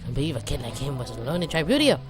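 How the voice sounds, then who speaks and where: A woman reads a story game aloud and chats between the lines, rambling and filler-heavy. Her pitch swoops with lively range. Game music sits clearly underneath. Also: rapid-fire. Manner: rambling, animated, frequent fillers. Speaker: let's play gamer. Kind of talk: casual game commentary and reading aloud.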